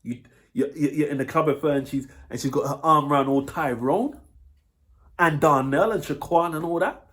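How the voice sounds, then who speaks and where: A man's voice: on the high side, moderate pace, a bit bright. Blunt British man giving dating advice. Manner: blunt, swears freely, keeps checking in with "yeah?". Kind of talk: casual advice monologue.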